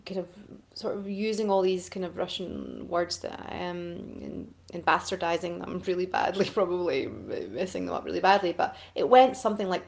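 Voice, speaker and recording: A woman's voice: lowish voice, lively intonation, moderate pace, creaky, few pauses. A woman in a chatty, rambling and self-deprecating casual chat to camera, answering fan requests as an actress.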